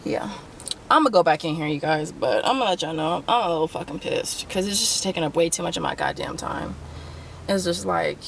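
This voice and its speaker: A woman's voice: on the low side, gravelly, a bit bright, a little hiss or hum, poor audio. A woman vlogging a couponing storytime from her car, heated and profane, acting out both sides of the argument. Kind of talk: angry storytime rant to camera. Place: in a parked car.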